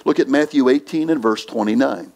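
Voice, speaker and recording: A male pastor preaching a sermon in a church, slow and emphatic, repeating phrases for weight. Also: medium pitch, vocal fry, darkish tone.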